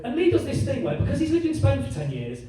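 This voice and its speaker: A man's voice: extremely high pitch, fast talker, a crowd in the background. A man performing a stand-up comedy routine, telling stories with heavy swearing to a live audience. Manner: animated storytelling, heavy swearing. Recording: echoey room, mic at a distance, audience noise.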